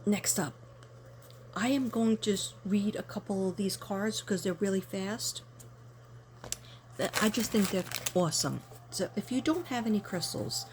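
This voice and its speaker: A woman's voice: mid-range voice, a little mellow, slight background noise. A woman card reader chatting casually to camera, rambling through a story and talking to her viewers directly.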